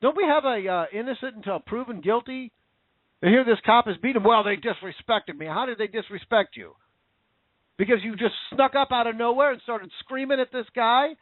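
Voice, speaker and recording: A man's voice: very high-pitched, fairly quick, no echo. A man giving a heated, sarcastic political rant, swearing as he talks. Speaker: political commentator. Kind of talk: angry ranting monologue. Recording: tinny phone-like sound.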